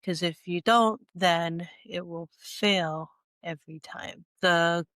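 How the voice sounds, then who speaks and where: Slow, stuffy-nosed woman coaching. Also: lowish voice, steady tone, a bit bright, dry recording. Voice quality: nasal from congestion. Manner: slow, deliberate and earnest, with many restarts. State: stuffy nose, sniffling. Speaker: speaker and coach. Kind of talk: teaching monologue.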